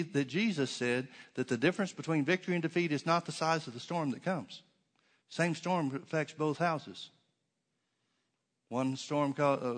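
Guy preaching a sermon, keeps asking questions then answering them, punchy and emphatic. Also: mid-range voice. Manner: emphatic preacher who asks rhetorical questions and repeats for effect. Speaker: pastor.

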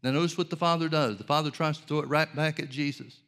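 A man's voice: fairly high pitch, fairly even intonation, fast, a bit bright. A man preaching a sermon, earnest and direct, asking rhetorical questions and addressing his listeners as folks.

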